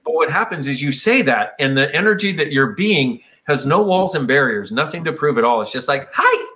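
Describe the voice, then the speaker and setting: Bright-voiced man in a meandering talk. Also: fairly high pitch, expressive, fairly quick. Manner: meandering, reflective, slips into playful quoted voices. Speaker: speaker on personal growth. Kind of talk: casual conversational talk.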